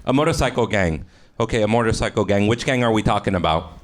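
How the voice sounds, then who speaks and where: A Mexican-American comedian with a lowish voice and lively intonation talks fast through improvised stand-up drawn from audience suggestions. He curses freely, laughs at his own gags, and jokes at his own expense with the crowd, heard in a live club recording with noise.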